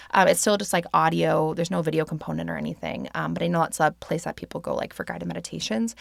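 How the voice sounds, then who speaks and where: A woman's voice: lowish voice, creaky, no echo, studio quality. A woman in her thirties hosting a podcast, talking casually with many fillers and light laughs. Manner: chatty, filler-heavy, laughs easily. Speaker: podcast host and meditation teacher. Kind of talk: casual solo podcast talk.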